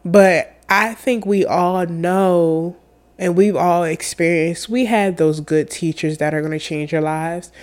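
A young woman telling a personal story in an earnest, halting way, tearful and full of fillers. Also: on the low side, steady tone, a little mellow.

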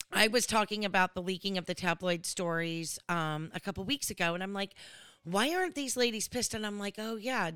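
A woman's voice: medium pitch, sharp tone, clear, resonant tone, no room sound. A woman hosting a reality-show recap, chatting casually in a gossipy, digressive way. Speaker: recap host.

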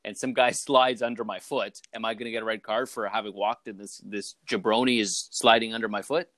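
A man co-hosting a soccer podcast in casual chat, joking and relaxed while he argues his side. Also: on the low side, a little fast, no echo.

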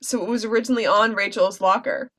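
A woman's voice: medium pitch, steady tone, fast talker, fairly bright tone. A young woman co-hosting a podcast, recapping a TV episode with enthusiastic asides and lots of fillers. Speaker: podcast co-host. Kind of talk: casual chat recapping a TV episode.

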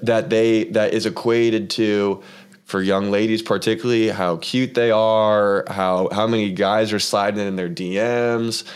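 A man's voice: fairly low pitch, fairly even intonation, a little slow, clear, resonant tone. A man hosting a casual faith-focused conversation, telling a long personal story in an earnest, rambling way with lots of fillers. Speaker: podcast host.

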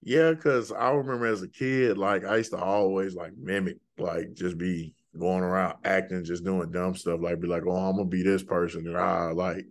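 Deep-voiced laid-back man host. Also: fairly even intonation, moderate pace, hardly any pauses. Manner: laid-back, rambling storyteller with many fillers. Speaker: podcast host. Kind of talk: casual interview chat.

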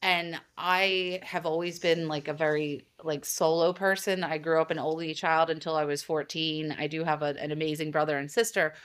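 A young woman with a slightly low-pitched voice chats reflectively as a podcast guest. She sprinkles her speech with "like" and loose restarts. Her tone is casual and personal. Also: little pitch movement, normal speed, few pauses, clean tone. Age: young adult. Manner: chatty, reflective, many fillers like "like". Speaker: podcast guest, boudoir photographer. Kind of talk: casual conversational interview.

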